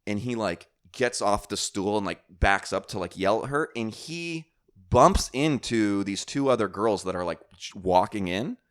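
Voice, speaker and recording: A man's voice: lowish voice, expressive, normal speed. A man hosting a casual podcast chat, telling stories in a rambling way with many fillers and restarts. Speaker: podcast host.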